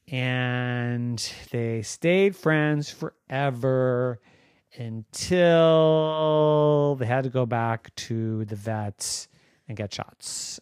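Slow, playful bedtime storyteller, a man. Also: medium pitch, clear, resonant tone, dry recording, studio quality. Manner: gentle, improvised, playful.

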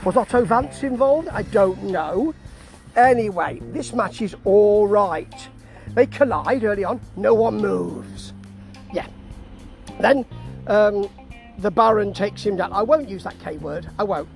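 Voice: mid-range voice, measured pace, creaky, darkish tone, faint music behind, low-quality recording. Wry wrestling reviewer. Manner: chatty and wry, with asides and restarts. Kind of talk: casual spoken review.

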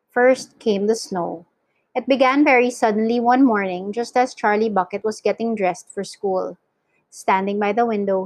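A woman reading a children's novel aloud for a class, in clear, steady storytelling narration. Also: medium pitch, no echo, rough recording. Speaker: reader for an English class.

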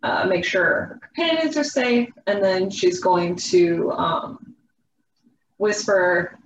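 Woman player at a tabletop game, slow, giggly and hesitant, echoey dull room. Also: on the low side, animated, a little hiss or hum. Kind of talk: casual tabletop play.

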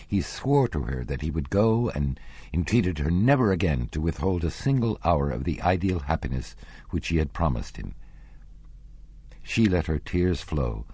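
An audiobook narrator with a husky bass voice reads a classic novel aloud, measured and expressive, softening his tone for quoted lines. The recording has no room sound.

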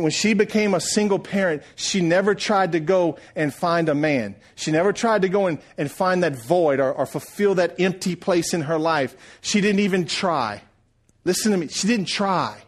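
A middle-aged man preaching a sermon, rising loud and then dropping to a hush. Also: high voice. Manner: preaching, swells loud then drops to hushed. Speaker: pastor.

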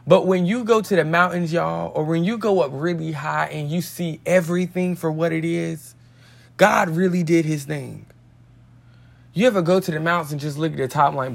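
A man's voice: on the high side, normal speed, vocal fry. A man hosting a podcast, reading a daily devotional in a casual, slangy way with tangents. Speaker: podcast host.

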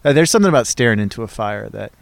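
A man's voice: fairly low pitch, animated, gravelly, no room sound. Easygoing, thoughtful man chatting. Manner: easygoing, thoughtful, a bit halting. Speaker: co-host in church work. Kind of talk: casual chat. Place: outdoors by a campfire in cold weather.

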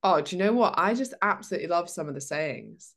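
A woman with a notably low voice, co-hosting a podcast as a fitness coach. She chats casually and gives practical, down-to-earth advice in a relaxed, conversational way. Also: fast, gravelly.

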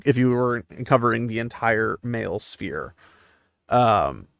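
A man's voice: medium pitch, gravelly, no room sound, clean studio sound. A man giving a casual recap of a fantasy novel, chatty and digressive, breaking off into asides and questions. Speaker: book discussion host.

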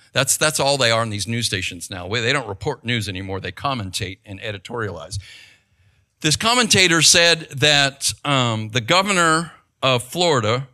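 A middle-aged man speaks in a conversational monologue, his voice fairly high and very bright. He tells stories with animation, swinging his pitch widely and often stopping to check in with the listener. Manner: animated storytelling, rhetorical check-ins with the listener. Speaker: speaker giving advice.

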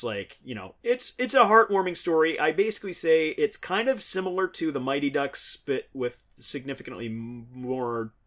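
Man, thirties, podcast host, casual chat, rambling, chuckling, average pitch. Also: fairly bright tone.

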